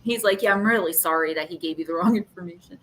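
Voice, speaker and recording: A woman hosting a live chat vents about a frustrating customer service mess. She tells it in a fed-up, animated way and plays out both sides of the calls. A faint low rumble sits under her voice. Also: fast. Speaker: livestream host. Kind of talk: casual live chat, telling a story.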